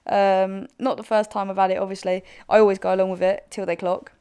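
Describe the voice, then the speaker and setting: A young woman co-hosts a podcast in casual chat, telling stories animatedly and laughing often. Her voice comes across smooth and clear. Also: medium pitch, level tone, fast, few pauses, warm tone. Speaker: podcast co-host.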